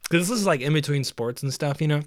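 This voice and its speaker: A man's voice: on the high side, fast talker, no echo. A young man hosting a podcast, telling profane, rambling stories in a casual solo monologue. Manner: profane, rambling storytelling with laughs. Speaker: podcast host.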